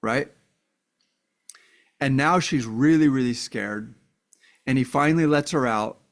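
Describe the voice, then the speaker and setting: A man of middle pitch speaks straight to the camera in a loose, unscripted way, leaning on "like" and the odd swear word. He slips into angry, raised voices for the people in his story, then drops back to plain talk. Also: a little slow, gravelly. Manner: acts out quoted voices of an angry abuser and a victim in heated tones; blunt, swears, many "like" fillers. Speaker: commentator. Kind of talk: casual spoken commentary.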